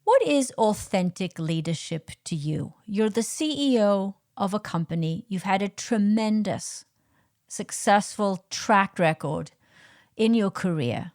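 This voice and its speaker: Female podcast host, mid-pitched, curious and friendly interviewer. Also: expressive, a little slow, a little mellow.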